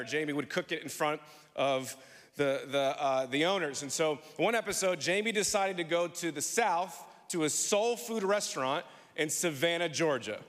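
A man preaching in a church, with a high, bright voice that carries a long reverberation through the hall. He tells stories with humor and calls on the congregation to answer him back. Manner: storytelling with humor, call-and-response with congregation. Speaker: pastor. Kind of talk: sermon. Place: church sanctuary.

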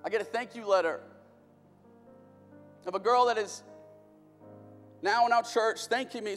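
A young man preaching a sermon as a pastor, impassioned, building in bursts and then dropping low. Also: a little slow, pauses often, fairly bright tone. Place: church auditorium. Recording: long reverb of a large hall with music.

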